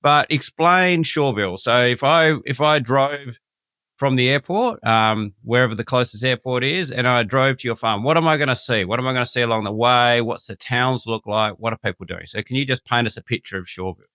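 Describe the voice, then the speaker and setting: Gravelly Australian man hosting a podcast. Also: medium pitch, normal speed, pushed and bright, no echo, studio quality. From Western Australia. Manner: laid-back, matey, with fillers and restarts. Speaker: podcast host. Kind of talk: casual podcast interview.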